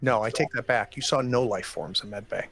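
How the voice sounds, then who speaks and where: A man narrating as game master, relaxed and hesitant with many fillers. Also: medium pitch, fairly quick, gravelly, a little hiss or hum.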